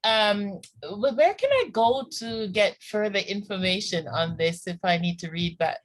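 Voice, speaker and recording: A woman's voice: mid-range voice, lively intonation, unhurried. Polite, hesitant woman on a call. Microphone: video call.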